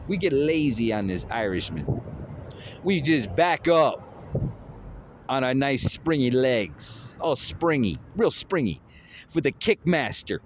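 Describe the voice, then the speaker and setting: A man's voice: medium pitch, big pitch swings, slow pace, long pauses, a little hiss or hum. A man recording himself on his phone, rambling through boastful, playfully taunting trash talk about a fight. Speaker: vlogger.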